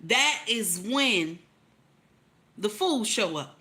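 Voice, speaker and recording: A woman giving animated relationship advice, emphatic and repetitive, firing rhetorical questions at her audience. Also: mid-range voice, extremely slow. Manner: emphatic, repeats lines for effect, teasing rhetorical questions. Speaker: relationship commentator.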